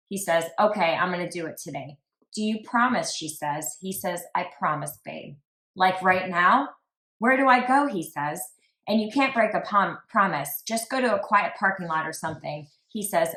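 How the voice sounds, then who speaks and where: There's a roomy echo around this woman's low-leaning voice as she chats at a moderate pace. She's a true crime podcast host reading texts aloud, flattening out the quotes and tossing in lots of "like" asides.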